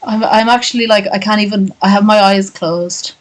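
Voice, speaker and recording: A woman's voice: mid-range voice, fairly even intonation, moderate pace, low-quality recording. A woman streamer chatting casually and profanely after a long reading, tired and with a sore voice. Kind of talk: casual chat.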